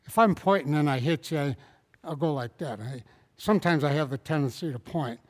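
Man, preacher, high-pitched voice, emphatic sermon delivery, rhetorical questions, long reverberant hall. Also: a little fast. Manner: animated preaching, rising to loud emphatic bursts, many rhetorical "right?" tags; addresses congregation members by name.

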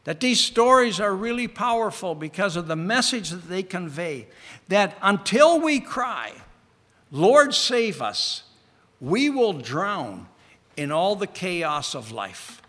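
A man preaching a sermon in an earnest way. He slows down to stress key words and often sinks to a hush. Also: high voice, sing-song. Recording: reverberant hall.

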